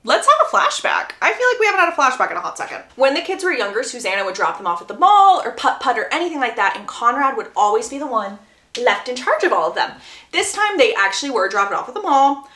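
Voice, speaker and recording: A woman's voice: high voice, big pitch swings, fast, sharp tone, reverberant. A woman casually retelling a book's plot, chatty and acting out the quotes. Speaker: book summary creator.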